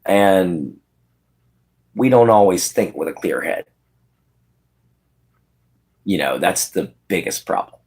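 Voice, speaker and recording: Male streamer, casual chat with viewers, animated pitch, easy laughter. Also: takes it slowly, pauses often, husky. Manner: chatty, answers chat by name, laughs often. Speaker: livestream host.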